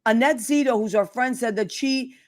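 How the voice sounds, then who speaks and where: A woman's voice: fairly high pitch, normal speed. A woman hosting an interview, chatting with gushing enthusiasm. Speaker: host. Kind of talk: casual interview chat.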